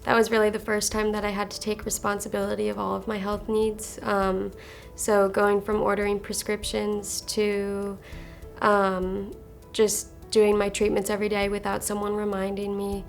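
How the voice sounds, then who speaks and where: A woman's voice: medium pitch, completely flat delivery, moderate pace, gravelly, soft background music. A young adult woman patient speaking in a plain, matter-of-fact way in a documentary interview.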